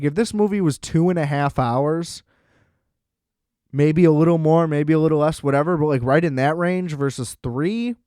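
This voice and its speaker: A man's voice: fairly high pitch, darkish tone, dry recording, clean studio sound. A man hosting a film review show, recapping a movie in a loose, profane and joking casual chat.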